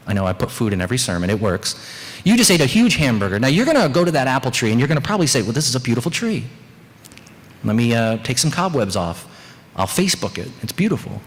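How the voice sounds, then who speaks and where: Earnest pastor preaching in a reverberant church. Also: male voice. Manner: earnest, candid, joking asides. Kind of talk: sermon. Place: small church service. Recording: long church reverb, faint rumble.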